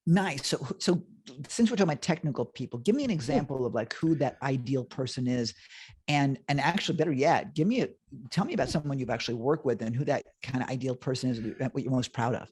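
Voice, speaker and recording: A man's voice: medium pitch, quick pace, breathy edge. Enthusiastic male show host. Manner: enthusiastic, energetic, salesy. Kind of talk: upbeat show hosting.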